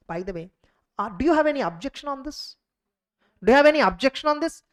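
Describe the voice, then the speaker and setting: High-voiced Indian English woman lecturing. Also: lively intonation, brisk, pauses often. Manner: repeats phrases, asks rhetorical questions. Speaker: audit exam tutor. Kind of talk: exam revision lecture.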